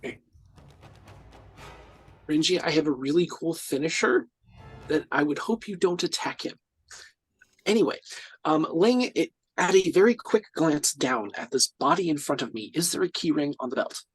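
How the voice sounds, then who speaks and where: A man's voice: a little high, animated, moderate pace, pauses often, breathy edge, faint music behind. A man playing a tabletop game, talking casually and hesitantly with frequent ums. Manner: casual, hesitant, many ums, laughs easily. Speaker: player.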